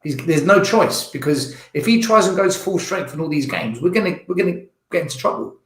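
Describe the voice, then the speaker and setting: A man's voice: on the high side, lively intonation, brisk, a bit bright. A man on a fan podcast panel, insistently repeating his earlier warnings in casual football debate. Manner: insistent, I-told-you-so. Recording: roomy echo.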